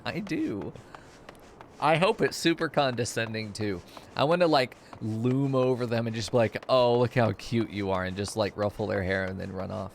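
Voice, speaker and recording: A man's voice: medium pitch, expressive, moderate pace, vocal fry, slight background noise. A man streaming a game, joking crudely and laughing often in casual commentary.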